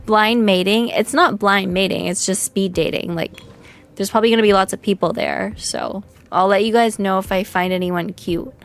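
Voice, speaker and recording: A young woman hosts a casual livestream and talks straight to her chat. She is blunt and crude, mocks herself and laughs often. Her pitch sits in the middle. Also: steady tone, moderate pace. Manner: frank, crude, laughing, self-mocking. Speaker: vtuber streamer.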